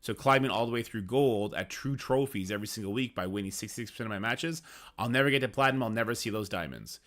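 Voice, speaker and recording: A man's voice: lowish voice, fast talker, a bit bright. A man streaming about a mobile game, ranting in an emphatic, frustrated way and swearing now and then. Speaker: gaming streamer. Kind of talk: casual ranting commentary.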